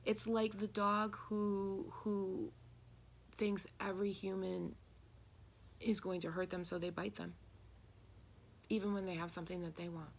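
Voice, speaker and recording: Earnest gravelly woman channeling. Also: medium pitch, level tone, moderate pace. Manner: earnest, rhetorical questions, acts out quoted voices. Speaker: tarot reader channeling messages. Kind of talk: spiritual channeling talk.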